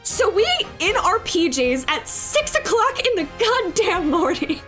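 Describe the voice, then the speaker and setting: A woman's voice: extremely high pitch, big pitch swings, measured pace. A young woman streaming her digital art, telling a rambling story in a casual, chatty way, swearing freely and laughing often. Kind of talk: casual storytelling while drawing. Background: soft background music.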